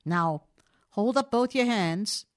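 A woman's voice: mid-range voice, expressive, slow pace. A woman voicing a chatty, folksy burglar. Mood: commanding. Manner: casual, conversational, slangy. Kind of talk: audiobook reading.

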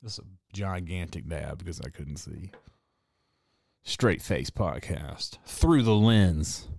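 Young male podcast host, low voice, dry close sound, rambling and profane. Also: animated, slow, gravelly, a little mellow, no echo. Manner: rambling, profane, laughing asides. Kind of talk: casual chat.

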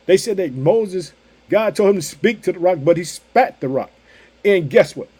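A man preaching a sermon with emphatic, repetitive phrasing, swinging between loud outbursts and hushed asides. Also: fairly high pitch, husky.

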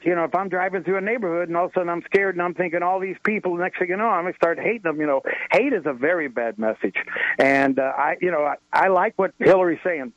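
Man, radio caller, earnest, rambling, slightly higher voice, dull lo-fi line. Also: fairly bright tone, no echo. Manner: earnest, rambling with many fillers. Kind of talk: call-in radio talk.

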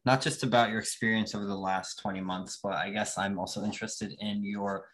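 A low-voiced man from New Jersey hosts a podcast in a loose, casual way. He is blunt and swears easily. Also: fairly even intonation, brisk, fairly bright tone, poor audio. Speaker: podcast host. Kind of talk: casual conversation.

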